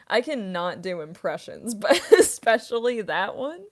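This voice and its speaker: A woman's voice: mid-range voice, big pitch swings, a little slow, few pauses. A young woman streamer and voice actress answering chat questions casually, rambling with lots of fillers and giggles.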